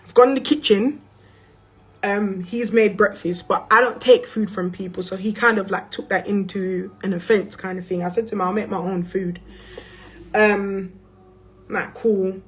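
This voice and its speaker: A woman's voice: medium pitch, moderate pace. A young woman with a London accent telling a story on a livestream in a blunt, profane, slangy way. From England. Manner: blunt and profane, slangy, animated with bursts of laughter. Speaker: influencer on a livestream.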